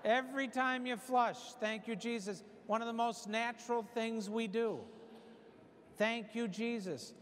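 A man's voice: very high voice, fairly even intonation, measured pace, a bit bright, a little hiss or hum. A man in his sixties, a priest giving a folksy, joking homily. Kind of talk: humorous homily. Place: church hall. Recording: long hall reverb.

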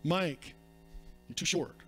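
A pastor voicing the devil as a sneering male tempter who whispers accusations in a slow, low, taunting tone. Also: pushed and bright, soft background music.

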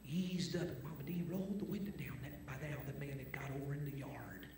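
A man preaching a sermon as a guest preacher, telling stories dramatically and moving between hushed whispers and loud proclaiming. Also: mid-range voice, quick pace, background noise. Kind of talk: sermon storytelling. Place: church sanctuary. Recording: echoey church with music behind.

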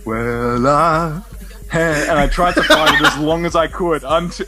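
A young man telling a rambling, animated story in a casual podcast chat, swearing freely. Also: fairly high pitch, fairly quick, loud music behind the voice. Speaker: podcast co-host.

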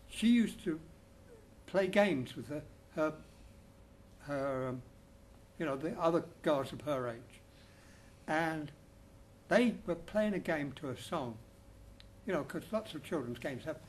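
An older English man speaking in a slightly high voice, telling his own stories to a lecture audience in a wry, anecdotal way. He talks chattily and often restarts his sentences. A faint hiss of noise sits behind him. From England. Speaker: speaker at a festival talk. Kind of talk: personal storytelling presentation. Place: lecture room.

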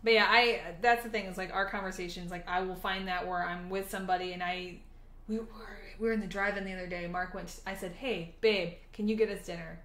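A woman's voice: fairly low pitch, quick pace, reverberant. A woman co-hosting a podcast in casual chat, telling stories with plenty of swearing and acting out what people said. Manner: animated storyteller, swears freely, acts out quotes. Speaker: podcast co-host.

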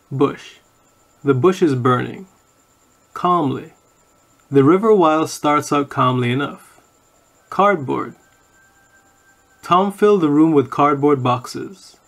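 A man reading course audio, saying each word and then an example sentence in a slow scripted vocabulary reading. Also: medium pitch, fairly bright tone.

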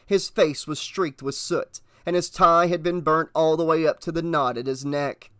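A man narrating an audiobook in a steady, measured reading voice. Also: fairly high pitch, clean tone, no room sound, studio quality.

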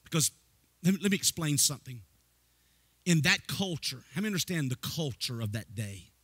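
A man preaches a sermon in a fairly high, bright, forceful voice. He questions the congregation and climbs into a chanting, sing-song rhythm, pushing some lines to near-shouts. The sound is close and dry. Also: very animated, a little fast, slightly rough, no echo. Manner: builds to near-shouting emphasis. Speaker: pastor.

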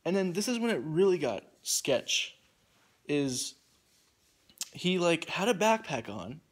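A man's voice: fairly high pitch, very animated, slow pace. Young man rambling on a phone. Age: young adult. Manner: rambling, heavy use of "like". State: shivering in the cold. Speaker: vlogger. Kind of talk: casual storytelling. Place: outdoors.

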